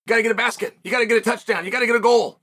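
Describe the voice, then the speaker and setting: Man, very high pitch, bright forceful tone, emphatic commentary, rhetorical questions, occasional shouts. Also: fairly even intonation, rapid-fire. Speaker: combat sports commentator host. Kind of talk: solo commentary monologue.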